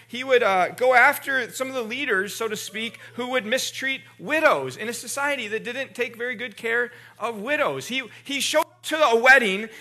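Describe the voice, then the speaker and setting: A man's voice: very high voice, pushed and bright. A man preaching a sermon as pastor to a church congregation, talking conversationally, restarting words, and calling on the room to repeat after him. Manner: calls on the congregation to respond. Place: church sanctuary.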